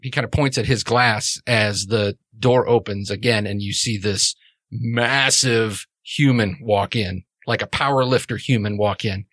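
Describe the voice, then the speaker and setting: A man's voice: fairly low pitch, fairly even intonation, unhurried, a bit bright, no echo, clean studio sound. A man narrating a tabletop game as game master, in a casual way full of fillers.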